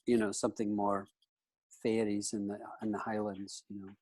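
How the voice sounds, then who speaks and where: A man in his fifties from the United States chats loosely as a guest, his voice sitting slightly low. He wanders through his thoughts and keeps dropping "you know" between phrases. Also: monotone, normal speed, darkish tone. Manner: rambling, with frequent "you know" fillers. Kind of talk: casual interview chat.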